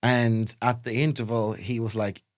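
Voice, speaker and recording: Male podcast co-host, lively comic storyteller, dry booth sound. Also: mid-range voice, moderate pace, no room sound. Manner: animated storyteller, mimics posh voices. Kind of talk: casual comedic chat.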